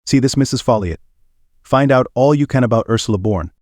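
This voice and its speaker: A fussy, exacting male detective, probing with intent questions and muttering as he thinks, read by a man. The voice sits at a middling pitch. It is close and dry. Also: brisk, darkish tone, dry recording, close to an everyday voice.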